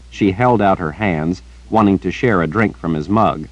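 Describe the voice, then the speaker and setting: A man narrating a fantasy audiobook in a steady storytelling manner. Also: sits low, moderate pace, few pauses, no echo, poor audio. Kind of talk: scripted narration.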